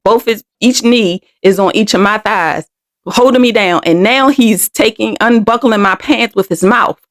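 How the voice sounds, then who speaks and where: A woman's voice: medium pitch, measured pace. A middle-aged woman from Washington DC hosting a podcast, telling a personal story candidly and with emotion, often restarting and repeating words. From Washington DC, United States. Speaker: podcast host.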